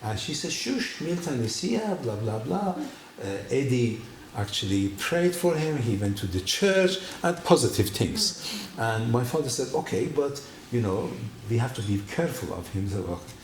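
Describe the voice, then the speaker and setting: A man giving his personal testimony at a church, telling his story in an animated way and acting out the dialogue. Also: mid-range voice, normal speed, hardly any pauses, slight background noise. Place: church hall. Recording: echoey room.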